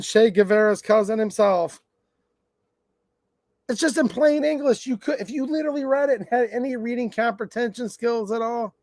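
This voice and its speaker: A man's voice: high-pitched, a little mellow, dry recording, clean studio sound. Blunt, combative man ranting. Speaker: gun channel host. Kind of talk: ranting livestream monologue.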